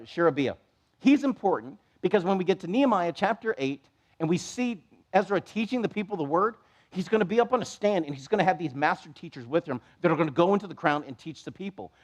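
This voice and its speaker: Guy preaching a midweek bible study, slightly higher voice, chatty and lively, does little voices for quotes. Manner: conversational, animated, acts out quoted voices. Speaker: pastor. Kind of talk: expository Bible teaching sermon. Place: church.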